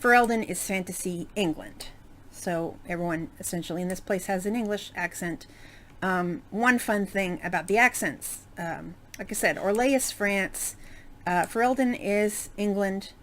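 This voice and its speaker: A woman's voice: medium pitch, normal speed, fairly bright tone, slight background noise. A woman giving casual let's-play commentary, chatty and rambling, with many fillers and asides. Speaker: game streamer.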